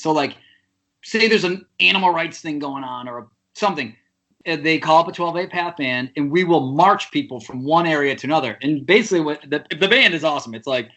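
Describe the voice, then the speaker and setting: A man, a podcast guest, telling a story in casual chat. He talks with many fillers and jumps up in pitch when he gets indignant. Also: fairly bright tone.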